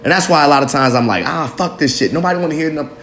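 Speaking very fast and animatedly, this man in his late thirties has a high-ish, fairly bright voice. He delivers a rambling, self-deprecating, expletive-laden confession straight to the camera, with slight hiss or hum underneath.

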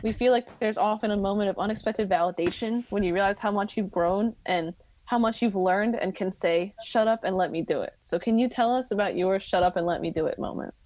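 Woman podcast host, measured and deliberate, reads a segment intro. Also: mid-range voice, a little mellow, no room sound.

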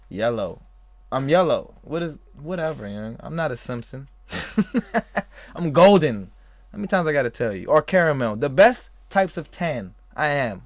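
A podcast host with a slightly high voice rambles casually on a live stream, sounding a little tipsy and laughing often as he talks to live chatters. The recording is dry.

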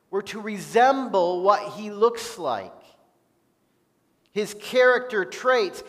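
A man preaching a sermon as pastor, earnest and unhurried, reading Bible passages aloud. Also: high voice, fairly bright tone. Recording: long reverb of a large hall.

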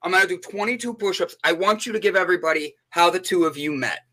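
Male host, casual joking chat, slightly high and bright, rambly delivery. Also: fast. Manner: playful, joking, rambling with restarts.

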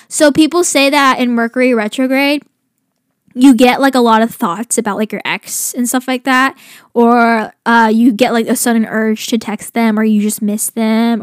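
A young woman hosting a podcast in casual, rambling chat, full of "like" fillers and animated exasperation. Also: on the high side, dry recording, clean studio sound. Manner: rambling, heavy use of "like" fillers. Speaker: podcast host.

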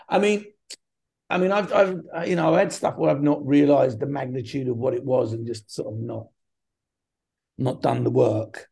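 A man's voice: medium pitch, creaky, dark tone, husky. A middle-aged man, a film director guest, talking in a rambling, hesitant way. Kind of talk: casual interview chat.

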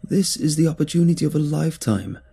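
A man's voice: fairly high pitch, expressive, quick pace, gravelly, mellow, slightly rough, faint music behind, voice pushed up, full character voice. A man voicing an earnest male scientist who pleads with a raised voice. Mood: pleading.

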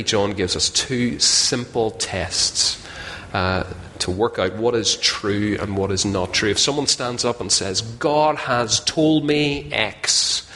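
Bright-voiced male preacher in a reverberant hall. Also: on the low side, a little hiss or hum. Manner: conversational, self-deprecating, asks the audience questions. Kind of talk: sermon. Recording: long hall reverb, faint ambience.

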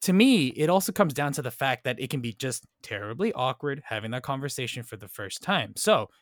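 A man hosting a relaxed podcast about films at a middle pitch. He talks things through thoughtfully and keeps tagging his points with "right?". His voice sounds dry and close, with no room echo. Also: a little fast. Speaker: podcast host. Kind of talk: casual film discussion.

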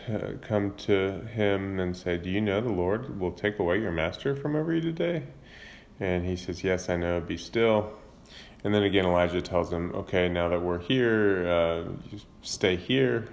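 A man with a low voice talks through a Bible passage in an easygoing, informal way. He paraphrases the story loosely, stopping to correct himself and using everyday fillers. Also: unhurried, creaky. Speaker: Bible reader retelling scripture. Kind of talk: casual Bible summary and commentary.

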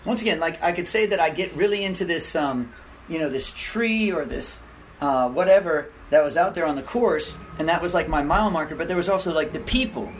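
A man chatting casually among friends, telling animated stories and slipping into quoted voices. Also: on the high side, a little fast, a little hiss or hum, low-quality recording. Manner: animated storyteller who puts on an Irish accent for quotes. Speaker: ultrarunner guest. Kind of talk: casual chat over beer. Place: garage.

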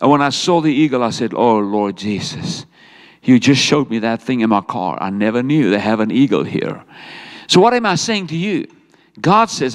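A middle-aged man with a South African accent preaches a sermon, telling his story with lively energy and stepping into quoted lines. His voice rings through a large hall with long reverb, sitting at a middle pitch for a man. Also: normal speed. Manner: animated storytelling preacher, voicing God and himself in quotes. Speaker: pastor. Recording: echoey hall sound.

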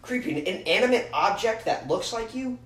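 A man's voice: sits high, animated, brisk, a bit bright. A young man hosting a casual podcast chat. He jokes around, laughs easily and swears freely. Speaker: podcast host. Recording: echoey room with faint noise.

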